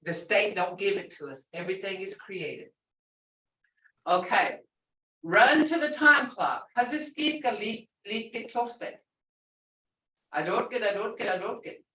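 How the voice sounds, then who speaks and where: A woman language teacher leads a classroom lesson, patiently explaining words and repeating phrases. Her medium-pitched voice sounds pushed and bright, captured from far off in an echoey room.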